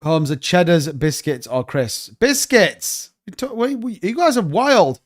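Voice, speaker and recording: A man's voice: high voice, big pitch swings, a little slow. A man hosting a casual livestream, joking and bantering as he reads out chat comments. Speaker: crypto livestream host.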